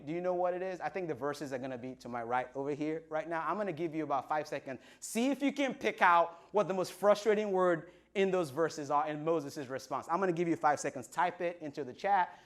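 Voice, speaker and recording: High-voiced playful man preaching. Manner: playful, retells scripture in modern slang with voiced quotes. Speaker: pastor. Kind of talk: sermon to an online congregation.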